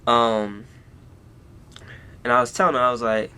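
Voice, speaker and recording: A man's voice: medium pitch, expressive, a little fast, pauses often, pushed and bright. A young man talking through a personal story on his vlog, rambling along with plenty of "you know" and "like" in a casual way. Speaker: YouTuber.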